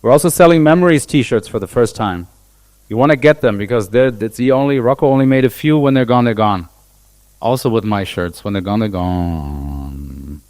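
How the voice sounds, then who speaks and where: A man's voice: medium pitch, brisk, darkish tone, no echo. A man who is a DJ and producer, giving blunt, opinionated views on a live panel and swearing casually. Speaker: DJ and producer, guest.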